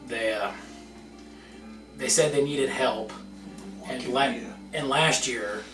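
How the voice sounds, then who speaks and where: A man voicing a gruff lawman with a very thick New York accent who talks in halting starts. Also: mid-range voice, natural voice. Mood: earnest. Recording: roomy, far-off mic with music behind.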